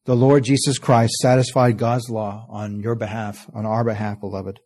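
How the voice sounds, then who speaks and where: A man preaching a sermon, earnest, reading scripture slowly and letting phrase ends fall soft. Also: fairly low pitch, little pitch movement. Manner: earnest, often trailing off softly at phrase ends; reads scripture in slow, stressed King James cadence.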